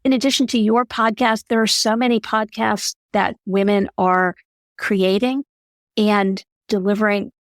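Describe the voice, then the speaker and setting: Woman, podcast guest, mid-pitched, earnest and emphatic, dry close sound. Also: steady tone, a little slow, no room sound. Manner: earnest, emphatic advice-giving. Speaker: podcast guest, allyship speaker. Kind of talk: conversational interview answer.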